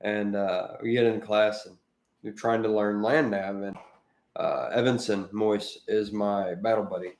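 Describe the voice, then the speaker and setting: A chatty man co-hosting a podcast and telling his stories with lively energy. His voice sits on the low side, and the room around him rings with a noticeable echo. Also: unhurried. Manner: talkative, animated anecdote teller. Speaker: podcast co-host. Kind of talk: casual storytelling chat. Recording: roomy echoey room.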